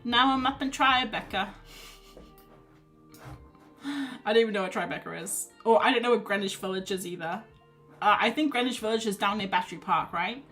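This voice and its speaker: A woman chats casually through an art livestream at a middle pitch. She is self-deprecating and thinks out loud as she goes. Soft music plays faintly underneath. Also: moderate pace, pauses often. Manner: chatty, self-deprecating, thinks aloud while reading chat. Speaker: art streamer.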